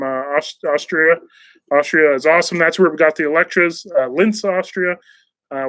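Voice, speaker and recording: A man with a slightly higher voice chats casually on a live stream, reading out viewer questions and answering them at length. He rambles, pauses on fillers and restarts his sentences. The sound is dry and close, with no room echo. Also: fairly bright tone. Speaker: host of a live chat.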